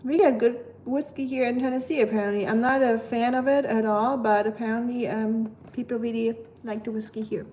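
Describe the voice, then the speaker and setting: German-accented woman, slightly high voice, rambling casual live chat, faint hiss in the background. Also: steady tone, a little fast, few pauses, warm tone. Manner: chatty, rambling, with frequent fillers. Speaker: live streamer.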